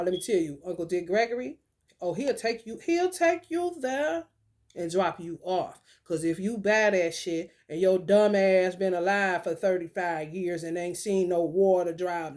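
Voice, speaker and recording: A woman giving casual spiritual commentary, profane and animated, with laughing asides. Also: on the low side. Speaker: spiritual reader.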